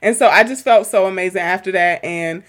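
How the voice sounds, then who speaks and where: Young woman podcast cohost, lively chatty therapist, laughs a lot, swears casually. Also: mid-range voice, brisk.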